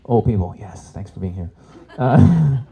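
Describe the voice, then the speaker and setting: Casting note: man in his forties, warm mellow tone, loose stand-up delivery, swears and laughs along with the crowd. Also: on the low side, expressive, a little slow, creaky, slightly rough, highs cut off. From Canada. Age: 40s. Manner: chatty, swears freely, laughs at his own jokes. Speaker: comedian and workshop host. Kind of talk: live stand-up comedy talk.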